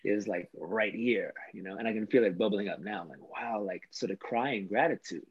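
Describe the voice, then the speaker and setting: A man's voice: fairly low pitch, fairly quick, husky, no room sound, muffled recording. A man speaking as a podcast guest, earnest and spiritual in his talk, now and then swearing. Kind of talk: casual conversation.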